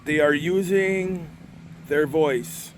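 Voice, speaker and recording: A man's voice: a little high, very slow, slight background noise. A man telling a rambling, emotional story in casual talk, often repeating himself. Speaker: spirit communication vlogger. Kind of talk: casual monologue.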